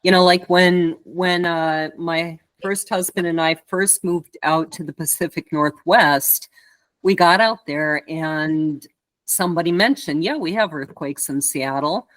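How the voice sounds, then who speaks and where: A woman hosts a relaxed chat. Her voice is notably low for a woman, and the recording is close and dry with no room sound. She fills pauses with easy murmurs of agreement. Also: dry recording. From northern Minnesota, USA. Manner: easygoing, frequent "mm-hmm" backchannels. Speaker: podcast host. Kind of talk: casual interview chat.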